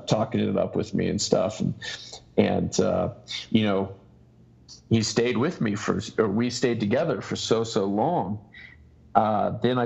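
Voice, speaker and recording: A low-pitched man with a gravelly, husky voice tells a long story as a guest on a casual interview. He circles back and restarts his sentences constantly. The recording is dull and lo-fi. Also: a little mellow. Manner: halting storytelling with many restarts. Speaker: ultrarunner guest.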